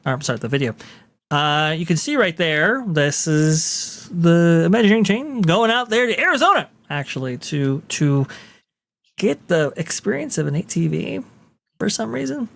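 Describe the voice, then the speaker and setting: Podcast host, livestream chat, halting delivery, giggly, animated intonation. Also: medium pitch, vocal fry. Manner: halting, giggly, many restarts.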